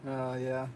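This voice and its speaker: A man's voice: mid-range voice, a little hiss or hum. A young man hosting a casual late-night stream, telling a story in a loose, profane way with frequent laughs. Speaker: streamer host.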